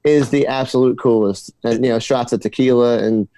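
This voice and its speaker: A man from New Jersey, a guest musician, telling stories in a casual interview, animated and tripping over repeated words when excited. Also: mid-range voice, moderate pace.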